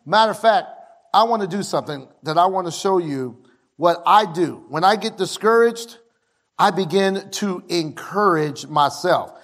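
High, lively-voiced male pastor preaching. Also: moderate pace. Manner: energetic, leads a call-and-response of declarations, often shouting. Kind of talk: sermon. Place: church sanctuary with a live congregation.

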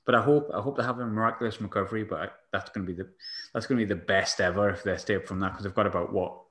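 A man's voice: fairly low pitch, steady tone, very fast, a bit bright, roomy sound. A man hosting a casual football chat, chatty and jokey, asking lots of questions.

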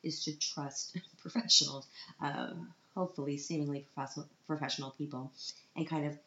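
A woman in her thirties, tearful and almost crying, tells a personal vlog story about her child in a dramatic, self-mocking way. Her low voice is steady, fairly bright and a little fast, with slight background noise, and the recording sounds roomy, dull and lo-fi.

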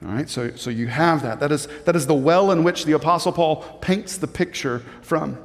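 A man's voice: high-pitched, in a large hall. A man preaching a sermon as a pastor, building to emphatic peaks and often repeating words as he goes.

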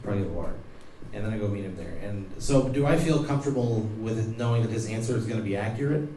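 A man who works as a comedian, chatting on a podcast and reacting to a story with quick jokes and frequent laughter. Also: fairly low pitch, lively intonation, mellow. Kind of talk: casual chat. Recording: echoey room, faint noise.

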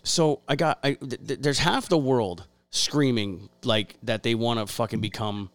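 A man's voice: mid-range voice, a little slow, dry recording. Blunt ranting male podcast host, dry sound. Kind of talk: casual profane rant.

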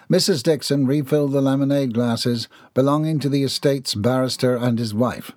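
A man's voice: medium pitch, normal speed, few pauses, a little mellow, no room sound. A man narrating a comic novel as an audiobook reader. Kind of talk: scripted narration.

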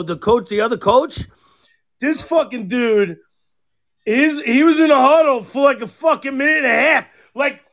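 High-voiced profane man telling stories. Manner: profane, animated storytelling, mimics others loudly. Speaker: podcast host. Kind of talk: casual podcast chat.

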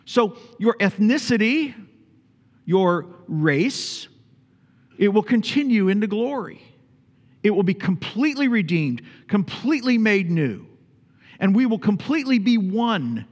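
High-voiced male pastor preaching in a reverberant hall. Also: big pitch swings, measured pace, a little mellow. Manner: emphatic, repeats phrases for stress, asks the congregation questions. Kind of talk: sermon.

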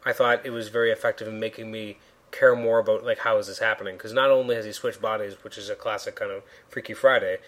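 A man in a casual conversation about comics, calmly pushing back against the other speaker's points. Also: on the low side, fast. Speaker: podcast co-host. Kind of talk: casual chat.

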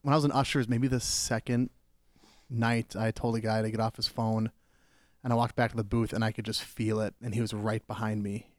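A man's voice: on the low side, fairly quick, no echo, clean studio sound. A man in casual podcast chat, telling a short story about trouble with a customer. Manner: relaxed, short reactions and questions.

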